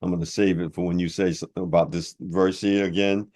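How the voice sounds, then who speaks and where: Deep-voiced older man, combative rebuttal. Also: flat delivery, fast talker, darkish tone. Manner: combative, mocking, preacher-like; blunt and informal. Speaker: religious commentator. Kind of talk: heated rebuttal monologue.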